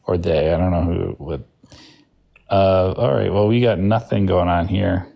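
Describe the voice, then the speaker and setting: A man's voice: deep voice, fairly even intonation, measured pace, gravelly, muffled recording. A man co-hosting a casual livestream debate show, blunt and teasing. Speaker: podcast co-host.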